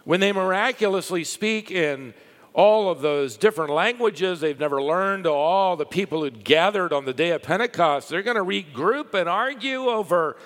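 A man preaching a sermon, telling stories with lively rises and a hushed drop for the quiet parts. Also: high voice, normal speed. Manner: lively storytelling, dropping to a hush for quiet lines. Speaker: pastor. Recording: long hall reverb.

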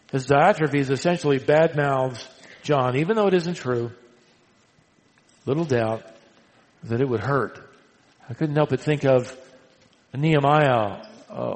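A man preaching a sermon, swinging from loud emphatic lines to hushed, quiet ones. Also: mid-range voice, big-room sound, rough recording. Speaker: pastor.

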